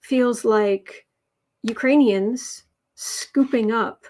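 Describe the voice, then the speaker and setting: A woman's voice: on the high side, drawn-out words, a little mellow. A woman hosting a casual livestream tarot reading, chatty and rambling as she reads out viewer comments. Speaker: tarot reader and channel host.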